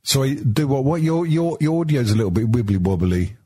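A man's voice: mid-range voice, a little fast, slightly rough. A man hosting a casual podcast chat over a video call, teasing and joking with his guests. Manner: jokey, teasing, lively banter. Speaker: podcast host. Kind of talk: casual chat among friends.

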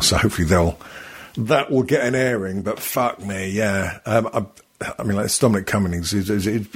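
A man's voice: fairly low pitch, husky. A man co-hosting a podcast, chatting casually, swearing often, rambling and laughing a lot. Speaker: podcast co-host. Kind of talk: casual banter.

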